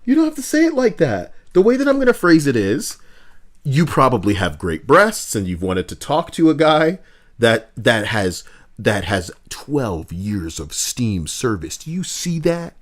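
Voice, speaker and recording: Animated man streamer, lively pitch. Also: measured pace. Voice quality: swearing often. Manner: animated, swings from loud outbursts to muttering. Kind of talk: casual live-stream chat.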